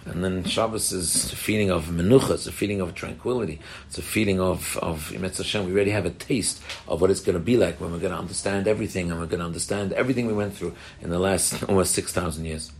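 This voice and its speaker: Deep gravelly man giving a Torah talk. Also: quick pace, a little hiss or hum. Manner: earnest, repeats and restarts phrases, explains plainly. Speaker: rabbi giving a talk to women. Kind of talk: Torah talk with audience questions.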